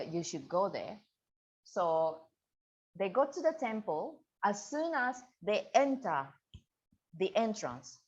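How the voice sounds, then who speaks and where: Slow-spoken woman telling a story. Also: fairly low pitch, lo-fi sound. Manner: slow, searching, acts out quotes with laughs. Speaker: guest, spiritual practitioner. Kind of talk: storytelling in an interview.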